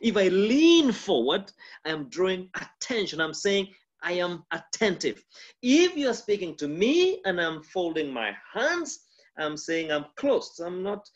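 A man with a Kenyan accent, a pastor giving a mentorship lecture on communication, demonstrative and full of pauses and shifts in volume. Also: highs cut off. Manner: lively, demonstrative, shifts volume and pitch to illustrate.

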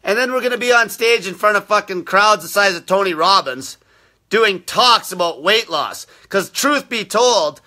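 Foul-mouthed bright-voiced male ranter. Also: high-pitched, animated, normal speed. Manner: aggressive, constant swearing, insulting viewers. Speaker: fasting diet coach hosting a live show. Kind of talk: profane live-stream rant.

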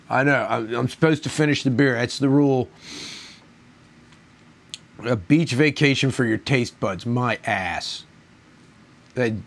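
A man in a casual solo beer review, talking at an ordinary middle pitch. He rambles, groans and complains bluntly in coarse language. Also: vocal fry, a bit bright.

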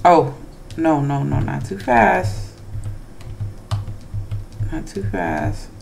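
A gamer narrates a scary game in a chatty, slightly nervous let's play commentary and keeps talking back to the characters on screen. The delivery is unhurried, and hushed asides sit between louder moments. Faint noise and soft keyboard typing run underneath. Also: mid-range voice, vocal fry. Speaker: gamer playing horror games.

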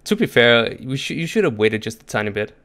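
Excitable man cheering on a co-op game. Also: mid-range voice, fairly quick. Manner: excitable, laughs often, cheers loudly. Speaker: co-op gaming partner. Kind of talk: live gameplay chat.

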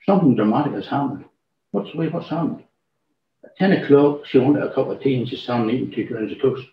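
A man's voice: mid-range voice, expressive, fast talker, a little hiss or hum. Man, church testimony, rambling storyteller; distant mic, echoey room. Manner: rambling storyteller, acts out quoted dialogue. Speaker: church speaker giving a testimony. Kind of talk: informal testimony to a congregation. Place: church hall. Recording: roomy, distant, dull church recording.

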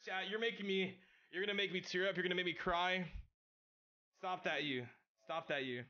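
Excitable young male streamer with a slight stutter. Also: sits high, normal speed, muffled recording. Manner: excitable, loud outbursts and swearing; stutters and restarts. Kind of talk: casual live-stream chat, reading viewer messages.

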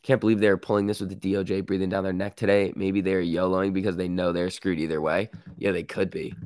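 A man who sounds sick hosts a live stock market stream, reading chat and reacting in casual slang. His voice sits low and a little mellow, delivered flat and fast, in studio-quality audio with no echo.

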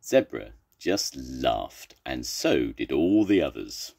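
An older man reading a children's picture book aloud in an animated, expressive way. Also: a bass voice, a little slow, creaky, hardly any pauses, slightly rough. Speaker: storyteller.

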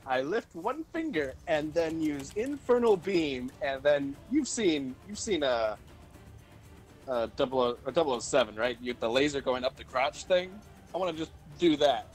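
A young man playing a tabletop game describes his character's moves in a casual, offhand way. He swears freely and thinks out loud. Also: on the high side, lively intonation, normal speed, soft background music. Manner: profane, offhand. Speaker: player.

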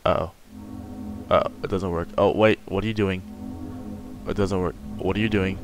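A man's voice: sits low, fairly even intonation, normal speed, over music. A young man giving horror game commentary, jittery and swearing, yelping when startled. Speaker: gamer.

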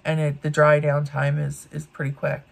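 A woman's voice: sits low, monotone, moderate pace, gravelly. A woman in her fifties doing get-ready-with-me commentary, blunt and ranting, swearing freely. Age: 50s. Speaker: beauty vlogger.

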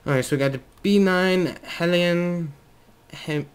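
A man hosting a let's play, commentating excitedly to himself as he flies, at a desk mic at home. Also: sits high, unhurried, clean tone. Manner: excitable, talks to himself while flying. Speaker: gaming video host.

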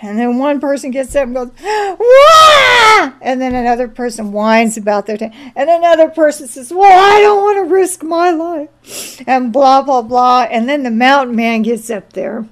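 A woman's voice: on the high side, moderate pace, few pauses. A woman giving an informal sermon, telling a story and exhorting listeners. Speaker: preacher. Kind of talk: informal sermon with a film anecdote.

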